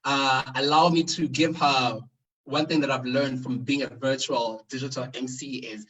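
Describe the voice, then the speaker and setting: A man's voice: mid-range voice, fairly even intonation, normal speed, a bit bright, husky, distant mic, low-quality recording. A man working as MC of a virtual conference, upbeat and playful, speaking over an online call. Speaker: virtual event MC. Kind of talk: conference hosting.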